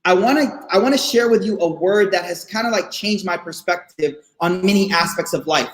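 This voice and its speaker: A man giving a casual, slang-filled faith talk to college students, animated and repeating phrases for emphasis. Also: high-pitched, moderate pace, hardly any pauses. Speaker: guest speaker at a faith session for students. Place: online session, room not known. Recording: roomy echo.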